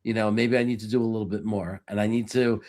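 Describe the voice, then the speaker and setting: A man's voice: lowish voice, little pitch movement, fast, darkish tone. Rambling man hosting a sports podcast. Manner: rambling, talks in long run-on thoughts with many "you know"s. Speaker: podcast host. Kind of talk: casual sports podcast chat.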